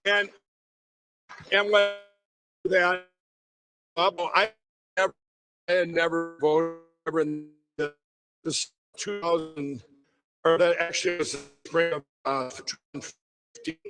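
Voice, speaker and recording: A man's voice: a little high, fairly even intonation, takes it slowly, long pauses, pushed and bright, faint music behind, rough recording. A middle-aged man telling a long personal story on stage, rambling, with many restarts and broken-off phrases. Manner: rambling, self-interrupting storyteller. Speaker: guest speaker at a summit.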